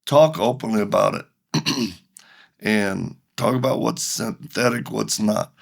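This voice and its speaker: A man's voice: lowish voice, slow pace, vocal fry. A middle-aged man, a ministry leader and podcast guest, telling a story animatedly, acting out both sides of the dialogue.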